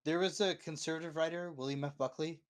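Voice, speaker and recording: A man's voice: fairly high pitch, fairly even intonation, quick pace. A man chatting casually on an online voice call, telling rambling anecdotes as he talks. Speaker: watch-along co-host. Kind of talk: casual chat over a video call. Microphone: online voice chat.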